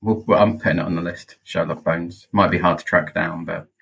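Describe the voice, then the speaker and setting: Wry man with a husky voice. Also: low-pitched, steady tone, a little fast, fairly bright tone, highs cut off. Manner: wry, teasing questioner. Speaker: podcast co-host. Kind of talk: casual chat.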